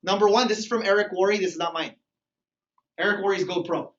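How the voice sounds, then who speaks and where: A man with a high voice runs an energetic motivational sales training for a live group, acting out little phone calls and dialogues at a brisk clip. He's recorded from far away in an echoey meeting room, and the sound is dull and muffled.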